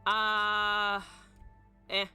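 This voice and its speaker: Bright-voiced woman streaming a card game. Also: mid-range voice, monotone, extremely slow, faint music behind. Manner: thinks aloud, swears, talks to chat. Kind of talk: live gameplay commentary.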